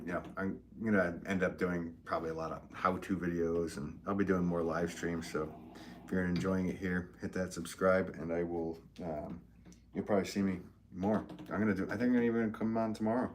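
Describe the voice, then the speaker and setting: Male potter, very low voice, rambling live-stream host chatting to his viewers over faint ambient noise. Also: fairly even intonation, brisk. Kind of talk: casual live-stream chat while working at the wheel. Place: pottery studio at the wheel.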